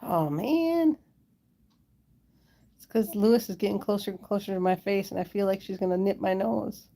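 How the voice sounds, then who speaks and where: Woman pet owner hosting a live stream from home, chatty and giggly, with a warm, mellow tone. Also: mid-range voice, normal speed, creaky. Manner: chatty, giggly, talks to her pets and viewers. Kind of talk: casual live-stream chat. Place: at home with her pets. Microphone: handheld phone camera held close.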